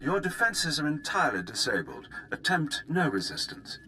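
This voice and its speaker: An actor playing a cold, ruthless Imperial fleet commander in a video game, speaking in a clipped, commanding way. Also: male voice, a little high, sing-song, moderate pace, bright, forceful tone, a little hiss or hum, full character voice, poor audio. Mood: menacing. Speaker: game character.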